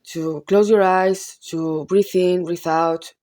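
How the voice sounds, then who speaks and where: A woman with a Spanish accent talks through a film analysis at an unhurried, measured pace. She often stops mid-thought, restarts and restates her words as she works out her point. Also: fairly low pitch, steady tone, warm tone. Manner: halting, rephrases and repeats words as she goes. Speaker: film reviewer. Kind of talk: casual film analysis monologue.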